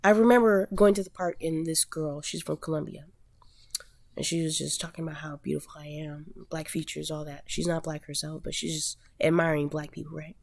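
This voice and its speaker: A woman's voice: sits low, steady tone, a little fast, creaky, dry recording. An American woman ranting bluntly and emphatically in a vlog, with frequent swearing. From United States. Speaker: vlogger. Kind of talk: rant.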